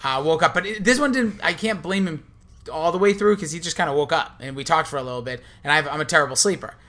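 A man's voice: fairly high pitch, fast talker, sharp tone. A young man co-hosting a podcast, telling a rambling story with lots of restarts in casual chat. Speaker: podcast co-host. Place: hotel in a city.

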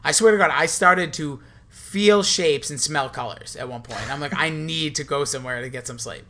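A man's voice: a little high, moderate pace, pushed and bright, slight background noise. A young man co-hosting a podcast, telling a rambling story with lots of restarts in casual chat. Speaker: podcast co-host. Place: hotel in a city.

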